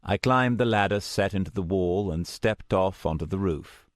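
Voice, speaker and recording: A man narrating a first-person audiobook in a measured, steady storytelling manner, close to the mic. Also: sits low, no echo.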